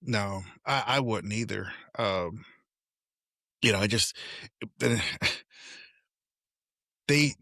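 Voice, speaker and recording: A man's voice: lowish voice, very slow, gravelly, long pauses, dry recording, studio quality. A middle-aged man co-hosting a podcast, telling family stories in a casual chat and acting out the dialogue. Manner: animated, acts out quoted dialogue. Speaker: podcast co-host.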